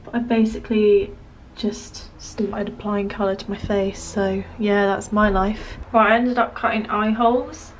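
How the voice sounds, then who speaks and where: A young British woman vlogging to the camera from her room at home, chatty and giggly, her voice slightly hoarse. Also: mid-range voice, steady tone, measured pace, slight background noise, low-quality recording. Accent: British English. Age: young adult. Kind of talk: casual vlog chat. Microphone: camera mic, filming herself.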